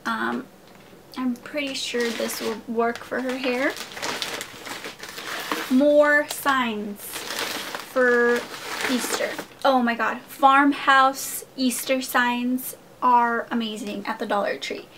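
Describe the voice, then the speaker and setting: A woman's voice: on the high side, fairly even intonation, slow, background noise. A young woman chatting casually in a haul vlog, gushing and enthusiastic as she talks to her viewers. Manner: gushing, enthusiastic, addresses viewers as "you guys". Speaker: haul vlogger.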